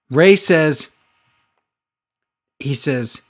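On a casual wrestling recap podcast, this female co-host tells the story with sarcastic exasperation and mocking impressions. Her voice rumbles low, and she speaks expressively at a measured pace.

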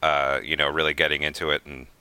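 A man's voice: a bass voice, level tone, quick pace, bright, forceful tone, clear, resonant tone, no echo. A man co-hosting a casual podcast chat, teasing the others and stammering at the start of his points. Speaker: podcast co-host.

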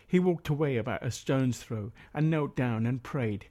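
A man's voice: medium pitch, moderate pace, few pauses, dark tone. A man leading a prayer meeting, reading Bible passages steadily and adding his own comments with hesitant fillers.

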